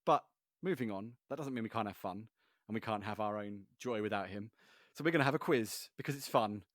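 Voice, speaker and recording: A man's voice: lowish voice, brisk, no room sound, studio quality. A man hosting a casual podcast quiz, chatty and giggly, rambling with fillers. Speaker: podcast host, quizmaster.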